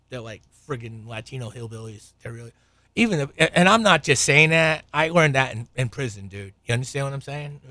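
A man's voice: medium pitch, a bit bright, dry recording. A man hosting a podcast, telling a rambling, profane story from a room at home and chuckling often. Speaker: podcast host.

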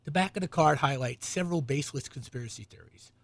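A man's voice: a little high, fast, gravelly, no echo. A man with a slight New England accent hosting a casual talk show, reading news aloud and riffing sarcastically with lots of fillers. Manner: rambling, sarcastic, many fillers, laughs at own jokes. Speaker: show host.

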